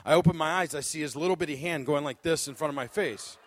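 A man's voice: a little high, fast. A man preaching as a guest speaker, telling a comic personal story with lots of laughter before turning to a sermon. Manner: animated storyteller, laughs often, acts out moments.

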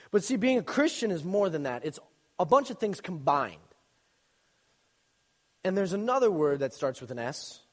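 Young guy preaching casual, voice jumps all over, kinda high, big echoey hall. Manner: animated, joking storyteller with sudden loud bursts. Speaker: youth speaker. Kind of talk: casual sermon. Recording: long reverb in a hall.

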